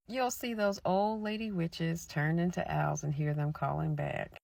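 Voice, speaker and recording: A woman's voice: on the low side, animated, normal speed, vocal fry, hardly any pauses, dry recording. Chatty woman telling folklore. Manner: chatty asides to viewers. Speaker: folklore storyteller. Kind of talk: casual storytelling narration.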